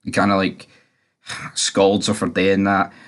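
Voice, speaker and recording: A man talks through a TV episode in a loose, off-the-cuff recap. His voice sits a little on the low side, and he rambles with plenty of fillers and casual swearing. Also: monotone, slow pace, a bit bright.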